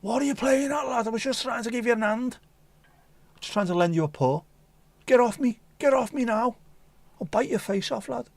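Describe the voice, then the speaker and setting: A man puts on a scrappy young tomcat with a thick Scouse accent, squeaky and pitched up high. He sounds brash and ready to scrap. His voice is close and dry. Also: moderate pace, vocal fry, a little mellow, no echo, heavily acted. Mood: indignant. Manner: brash, threatening. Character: cheeky young male tomcat, scrappy and combative.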